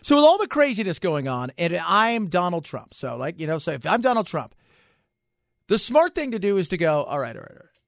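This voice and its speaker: A man hosting a talk radio show, chatting casually, animated and jokey, repeating himself for emphasis. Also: high-pitched, moderate pace, creaky, dry recording, clean studio sound.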